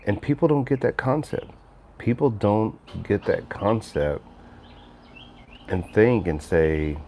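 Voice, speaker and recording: A man's voice: low voice, expressive, normal speed, darkish tone, slight background noise. A middle-aged man rambling casually on a livestream, reading chat messages aloud and answering viewers. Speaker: livestream host.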